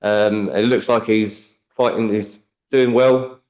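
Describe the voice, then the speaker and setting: A man's voice: fairly low pitch, fairly even intonation, slow, darkish tone. Teasing man hosting a podcast. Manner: teasing, rambling with fillers and restarts. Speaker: podcast host. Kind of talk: casual football podcast chat. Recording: slightly dull lo-fi sound.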